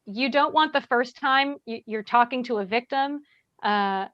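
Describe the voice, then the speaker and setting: A woman's voice: a little high, unhurried, fairly bright tone, no echo, muffled recording. A woman trainer answering workshop questions in a casual, earnest way, with many fillers, and acting out lines people could say. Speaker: safer space trainer.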